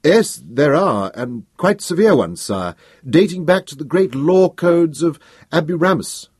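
A composed first minister, voiced by a man reading an audiobook answers with measured, deferential politeness. The husky voice moves lively in pitch. It is recorded dry and close. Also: no room sound. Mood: calm. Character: calm, deferential adult male first minister. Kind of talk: audiobook character voice.

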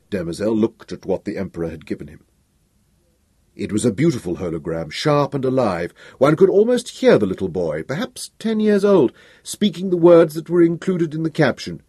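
A man narrates an audiobook with an expressive, dramatic delivery. His pitch swings widely and his voice has a husky grain. The recording is dry and close to the mic. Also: moderate pace, dry recording.

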